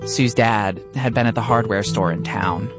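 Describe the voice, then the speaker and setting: A man narrating a radio story in a measured, calm, scripted way. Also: on the low side, music in the background.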